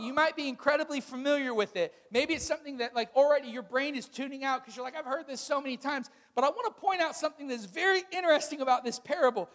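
A man's voice: very high voice, fairly bright tone, long reverb tail. A male pastor preaching a sermon in a casual, conversational way, drawing responses from the congregation in a church sanctuary.

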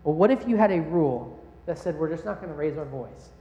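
A young man preaches in a relaxed, conversational way and asks his listeners questions. His voice sits fairly high for a man. It rings out through a large hall with a long, echoing tail. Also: a little fast, highs cut off. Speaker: pastor. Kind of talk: sermon. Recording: echoey hall.

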